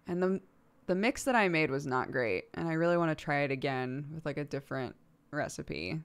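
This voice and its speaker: A woman's voice: deep voice, fairly quick, clean tone. A woman from the United States streaming from home, chatting casually with her chat and laughing often. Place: home streaming setup, lives in England.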